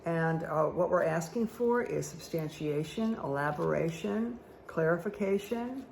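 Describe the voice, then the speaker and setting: This woman, a spiritual guide, talks casually to viewers while reading tarot and angel cards, chatty and meandering with frequent "okay?" check-ins. She speaks at a measured pace in a low, gravelly, slightly mellow voice that's animated. There's slight background noise.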